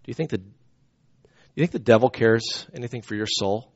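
A man preaching a sermon as pastor, in a conversational, animated storytelling way. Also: medium pitch, brisk, highs cut off.

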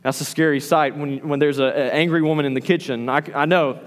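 A man preaching a sermon as a pastor, animated, acting out the lines he quotes. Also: on the high side, fairly quick, hardly any pauses, in a large hall.

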